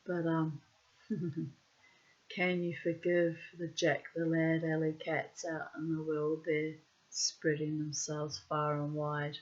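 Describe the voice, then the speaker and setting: A woman's voice: low-pitched, slow pace. Blunt, salty woman telling tales. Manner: blunt, salty, swears freely; animated, acts out quotes loudly. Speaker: storyteller. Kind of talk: personal anecdote monologue. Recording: muffled lo-fi recording.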